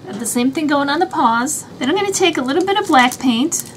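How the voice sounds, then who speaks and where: A woman's voice: high-pitched, animated, a little fast, a little hiss or hum. A woman hosting a craft tutorial, chatting through each step as she works with her hands. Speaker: craft channel host.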